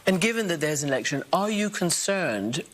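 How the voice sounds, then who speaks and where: A woman hosting a television interview and asking measured, pointed questions. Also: on the low side, big pitch swings, slight background noise. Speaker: interviewer, host.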